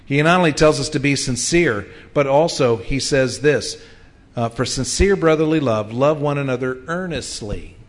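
A man's voice: medium pitch, moderate pace. Earnest middle-aged male pastor preaching. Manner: earnest, conversational preaching with frequent ums. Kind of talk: sermon.

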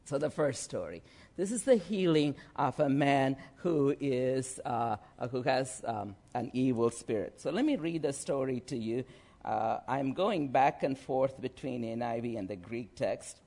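A man preaching a sermon, slow and lively, often checking in with his listeners. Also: mid-range voice. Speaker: pastor.

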